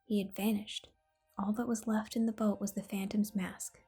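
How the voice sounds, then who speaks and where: Expressive mother reading a bedtime story. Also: medium pitch, normal speed, husky, faint music behind. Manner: expressive, playful. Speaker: parent reading to her child. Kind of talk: bedtime storybook read-aloud.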